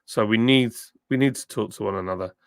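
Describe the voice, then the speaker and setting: A middle-aged man from the south of England, his southern English accent softened by years in the north, chatting casually on a live stream and reading out viewer comments. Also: lowish voice, fairly quick, creaky, no echo, clean studio sound. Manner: chatty, thanking viewers by name, frequent ums and uhs. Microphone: phone with a plug-in mic.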